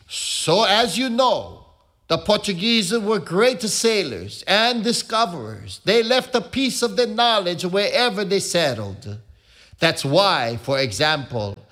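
A man doing stand-up in the persona of a cardinal, telling jokes slowly and deliberately and pausing before punchlines. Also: high-pitched, sharp tone. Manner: slow, deliberate joke delivery with punchline pauses.

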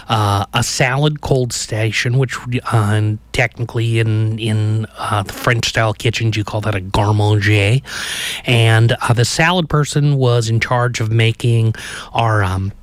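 A man's voice: lowish voice, fairly bright tone, no echo. Middle-aged male chef, casual cooking chat, rambly with lots of ums, dry voice. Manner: rambling, many ums and uhs, laughs at his own stories. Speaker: chef teaching a recipe. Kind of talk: casual cooking demonstration with storytelling.

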